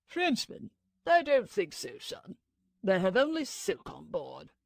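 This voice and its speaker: A woman's voice: a little high, wildly swooping pitch, slow pace, vocal fry, no echo, studio quality, exaggerated voice. A woman reading the lines of a greedy male officer who talks in a curt, dismissive way.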